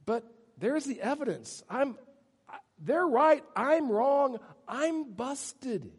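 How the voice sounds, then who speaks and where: A man's voice: extremely high pitch, very animated, slow pace, husky. A man preaching a sermon as pastor, telling humorous self-deprecating stories. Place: church sanctuary. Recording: long hall reverb.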